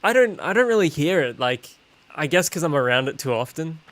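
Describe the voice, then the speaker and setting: An Australian man streaming a game, chatting in a relaxed way and swearing casually. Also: fairly high pitch, brisk. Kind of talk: casual chat while gaming.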